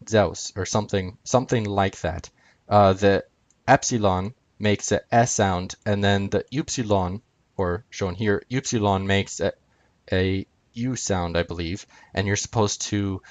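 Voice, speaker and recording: Man presenter, lowish voice, halting explainer with lots of ums, dry recording. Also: dry recording. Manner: hesitant, many filler sounds. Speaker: video presenter. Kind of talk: explaining a chart on screen.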